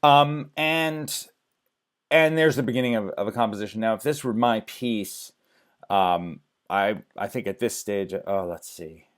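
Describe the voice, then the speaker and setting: A man's voice: on the low side, a little slow, smooth. A man teaching music theory in a screen-share lecture, thinking aloud with many ums and restarts.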